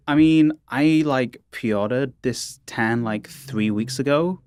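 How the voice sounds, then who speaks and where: A man's voice: mid-range voice, slow pace, darkish tone, smooth, no room sound, natural voice. A man voicing a spoiled tanning customer with a put-on Valley accent, whiny and drawn out, on a dry close mic.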